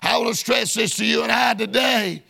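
A man preaching a sermon in a fervent, shouted, chanting cadence with frequent "uh"s. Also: very high voice, moderate pace, vocal fry, faint music behind.

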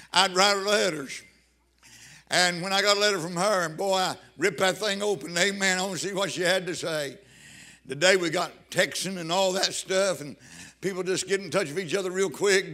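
An older man, preaching a fervent sermon as pastor and rising into shouted praise. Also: sits high.

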